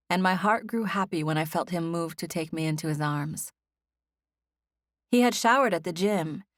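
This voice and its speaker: A woman reads a first-person novel aloud in a gentle, even voice that sits a little low. The studio sound is dry and close, with no room around it. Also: dry recording. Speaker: audiobook narrator. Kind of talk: scripted first-person narration.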